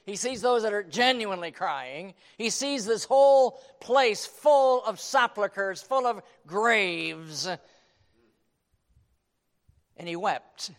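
High-voiced man preaching a fiery sermon. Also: lively intonation, slow pace. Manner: dramatic, swings from hushed to shouting; quotes King James scripture.

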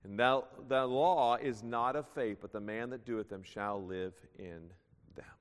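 A man preaching a sermon with strong emphasis, reading scripture aloud and swinging his voice high and low. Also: a little slow, clean tone. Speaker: pastor. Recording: long reverb of a church hall.

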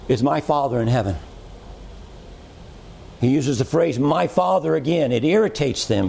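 A preacher delivers a sermon in a gravelly, slightly husky voice that sits a little high for a man. He builds his points with rising, emphatic cadences. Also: lively intonation, unhurried, darkish tone. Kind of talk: expository sermon.

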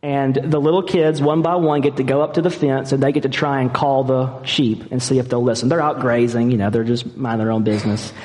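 A male pastor delivers a sermon with earnest, impassioned conviction, his voice sitting at an ordinary middle pitch. The sound carries the long reverb of a large church hall. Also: steady tone, brisk, hardly any pauses, a little mellow. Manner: earnest and impassioned, growing emotional.

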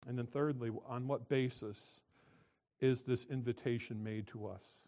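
A pastor delivers a sermon in a middle-pitched male voice. He drives key phrases home with sudden bursts of volume, then drops low and slows down to let a point sink in. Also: fairly even intonation. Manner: emphatic preaching with wide swings in loudness.

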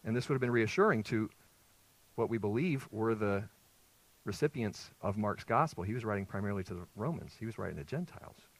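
A man preaching a sermon to a congregation in a lively, conversational way, asking rhetorical questions. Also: on the low side, a little fast, rough recording. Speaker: pastor. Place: church sanctuary with congregation.

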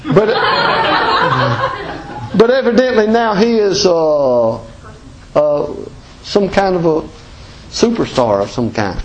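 High-voiced Southern preacher, folksy and emphatic. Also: male voice, animated, takes it slowly, pauses often, darkish tone, dull audio. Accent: Southern American. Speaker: pastor. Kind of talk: sermon.

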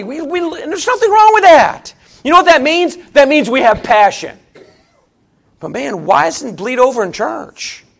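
A pastor in middle age delivers a fired-up sermon. His voice sits very high for a man and leaps across a wide, lively range. He drops into quiet asides, then climbs into loud, emphatic refrains. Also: vocal fry. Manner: emphatic preaching, swinging from hushed asides to shouted refrains.

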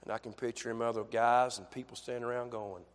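A male preacher delivering a fervent sermon in a church, dropping to a hush and then building to shouts with repeated phrases. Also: medium pitch, flat delivery, quick pace, smooth, big-room sound.

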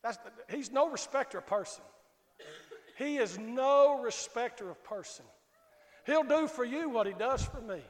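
A man's voice: very high-pitched, lively intonation, moderate pace. A male pastor with a Southern US accent preaching a sermon, telling folksy stories and calling out to the congregation. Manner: folksy storytelling, calls out to the congregation. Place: church sanctuary. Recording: reverberant church hall.

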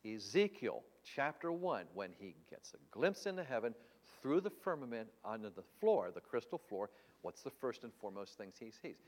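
Man, preacher, bible q&a, emphatic, rhetorical questions, mid pitch, long reverb. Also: sing-song, normal speed. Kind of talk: livestreamed Bible Q&A teaching.

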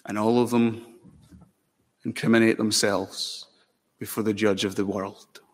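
A man preaching a sermon in a church, dramatic and impassioned, rising to emphatic peaks and slowing into solemn stretches. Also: fairly low pitch, little pitch movement. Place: church sanctuary. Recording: long hall reverb.

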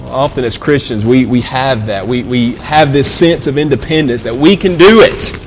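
A middle-pitched man delivers a sermon in an earnest, conversational way, stumbling and repeating words as he works through his point. His voice rings with the long reverb of a large hall. A faint low rumble sits underneath. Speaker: pastor.

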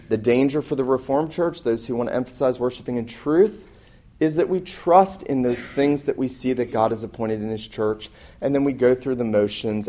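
A man's voice: medium pitch, darkish tone. A man preaching as a pastor, earnest and emphatic, often restarting his phrases as he builds a point. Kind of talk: sermon.

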